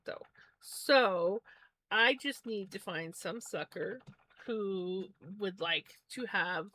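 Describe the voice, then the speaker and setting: A woman's voice: mid-range voice, pushed and bright. Woman rambling away on a craft stream, laid-back chatty talk, laughs easy. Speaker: live streamer spinning yarn. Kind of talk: casual chat.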